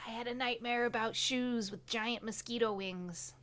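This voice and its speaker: Woman player, slightly high voice, jokey and quick. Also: fairly even intonation, fairly bright tone. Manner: playful, jokey, quick asides. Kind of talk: tabletop role-play chat.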